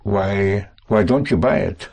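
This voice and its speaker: Slow, gravelly, low-voiced male teacher. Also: darkish tone. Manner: slow, patient, reassuring, repeats and corrects. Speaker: language teacher. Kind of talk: spoken language lesson with students.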